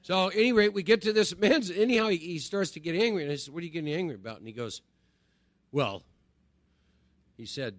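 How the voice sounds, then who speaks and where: A man's voice: a little high, lively intonation, a little fast, long pauses, fairly bright tone, dry recording. A middle-aged man gives a conversational spiritual recovery talk to a group, often checking in with "right?". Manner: conversational, repeats phrases and asks "right?". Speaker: recovery speaker.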